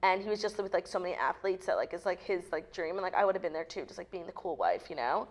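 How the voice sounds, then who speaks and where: A woman's voice: fairly low pitch, quick pace. A young woman co-hosting a casual studio chat show, talking in a chatty way and filling her sentences with "like.". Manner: chatty, constant "like" fillers. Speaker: co-host.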